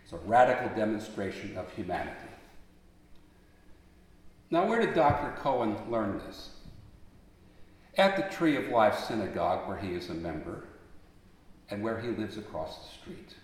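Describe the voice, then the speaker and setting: A man preaching a sermon in a large church sanctuary, telling stories in an unhurried way. He swells into emphatic appeals and then drops quiet again. His voice carries a long, booming echo through the hall. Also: very animated.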